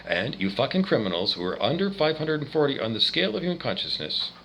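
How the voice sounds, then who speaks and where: Male ranter, angry and profane, mid pitch, faint background hiss. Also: big pitch swings, fast talker, rough recording. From Canada. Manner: profane, agitated ranting with swings in loudness. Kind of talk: angry rant monologue.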